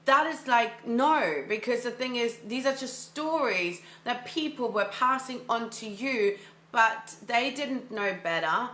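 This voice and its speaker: A woman's voice: on the high side, animated, a little slow, bright, forceful tone, reverberant. A woman mindset coach giving an enthusiastic, casual motivational talk, often repeating phrases for emphasis. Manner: casual, filler-heavy delivery. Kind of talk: motivational monologue.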